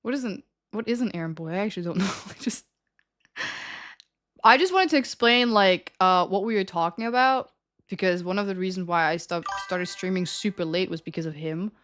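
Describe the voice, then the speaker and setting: A woman's voice: on the low side, a little fast, fairly bright tone. A young adult woman streams and tells her chat a story in a loose, casual way. She giggles often and keeps up a chatty, confiding flow.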